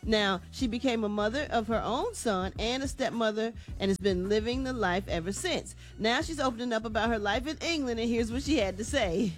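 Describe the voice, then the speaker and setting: A woman's voice: on the high side, fairly quick, hardly any pauses, soft background music. A woman hosting an entertainment news segment on a morning radio show, chatty and casual. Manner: chatty, casual, uses "y'all".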